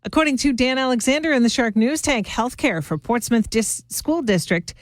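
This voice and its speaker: A woman's voice: fairly high pitch, expressive, moderate pace, no room sound. A woman hosting a morning radio show, chatting casually and self-deprecatingly with her listeners as if they were friends.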